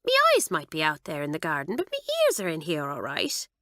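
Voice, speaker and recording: A woman's voice: deep voice, wildly swooping pitch, brisk, fairly bright tone, no echo, studio quality, exaggerated voice. A woman voicing a cheeky, easygoing Irish schoolgirl with a put-on Irish accent in a storybook reading. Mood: teasing. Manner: easygoing, teasing.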